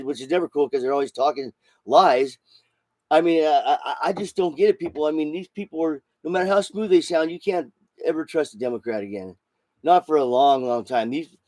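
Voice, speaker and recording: A man's voice: fairly high pitch, a little mellow, no echo. A man hosting a solo podcast, ranting in a heated, profane way with many repeats and restarts. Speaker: podcast host.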